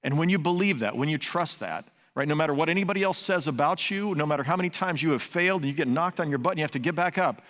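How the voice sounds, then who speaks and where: Older pastor preaching in a big sanctuary. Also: male voice, a little high, lively intonation, quick pace, few pauses, fairly bright tone. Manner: earnest, conversational preaching with storytelling asides. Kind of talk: sermon. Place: large church sanctuary. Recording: long reverb of a large sanctuary.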